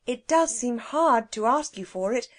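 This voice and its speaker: A woman reading a children's storybook, voicing an earnest, gentle girl who speaks soothingly. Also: fairly high pitch, animated, measured pace. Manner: soothing, pleading.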